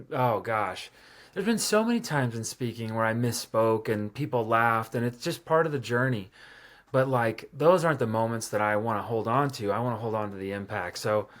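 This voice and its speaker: A man in his thirties, a podcast guest, telling personal stories casually with lots of fillers and a self-deprecating tone. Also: medium pitch. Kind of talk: casual storytelling interview.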